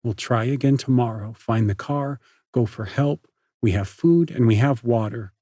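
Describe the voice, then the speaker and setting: A man voicing a stubborn, practical teenage girl in an audiobook, with a husky voice. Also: medium pitch, normal speed, warm tone, no echo, clean studio sound, close to an everyday voice. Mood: determined.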